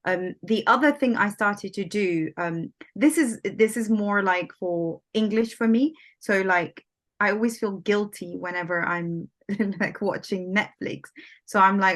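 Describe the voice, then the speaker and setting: A woman's voice: medium pitch, unhurried. A woman chatting casually and hesitantly, with many "like"s and restarts. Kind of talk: casual chat.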